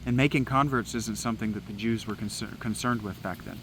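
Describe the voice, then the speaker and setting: A man's voice: lowish voice, brisk, background noise. A man outdoors in the woods, giving a rambling spoken meditation in an agitated, preachy way and swearing often. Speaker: vlogger.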